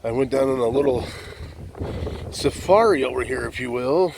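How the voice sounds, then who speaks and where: Man, folksy van vlogger, rambling chat, mid-pitched voice, faint hum behind. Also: animated, moderate pace, vocal fry. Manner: folksy, rambling, calls viewers "folk". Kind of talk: casual vlog chat. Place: outdoors by water and inside a van.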